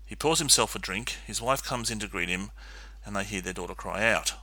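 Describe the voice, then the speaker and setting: Lowish bright-sounding guy going through a movie plot scene by scene, dry close mic. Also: fairly quick, breathy edge, dry recording. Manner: steady, methodical recapping with filler ums. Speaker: podcast co-host. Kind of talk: casual film discussion and plot recap.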